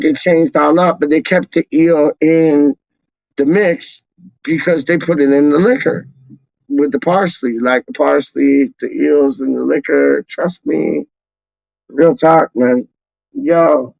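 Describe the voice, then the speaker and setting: Laid-back slangy American guy, gravelly. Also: fairly high pitch, no room sound. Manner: slangy, laid-back, constantly says "dog". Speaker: football fan channel host. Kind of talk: casual rambling chat. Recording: slightly dull lo-fi sound.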